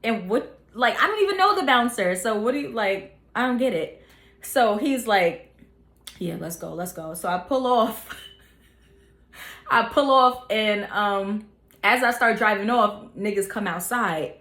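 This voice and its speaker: A woman's voice: on the high side, animated, a little slow, a bit bright. A young woman vlogger telling a casual storytime, chatty with lots of filler words. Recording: echoey room.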